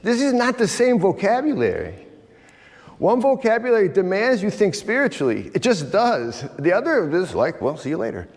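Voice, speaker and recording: A middle-aged man gives a talk at a men's retreat, emphatic and direct with his listeners. His pitch swings widely and sits a little high. The large church hall leaves a long reverb on his voice. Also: huge pitch swings, moderate pace. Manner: emphatic, addresses audience directly, acts out quoted voices. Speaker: guest speaker at a men's retreat. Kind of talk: animated inspirational talk.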